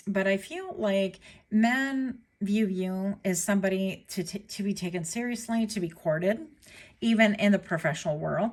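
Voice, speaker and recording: A woman giving a casual pick-a-card tarot reading, chatty and playful, with joking asides to her viewers. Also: lowish voice. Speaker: tarot reader.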